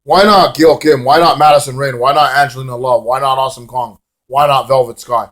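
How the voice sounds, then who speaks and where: A man's voice: medium pitch, fairly even intonation, brisk, a bit bright. A man giving a casual, rambling, sarcastic vlog review of a wrestling show, swearing freely.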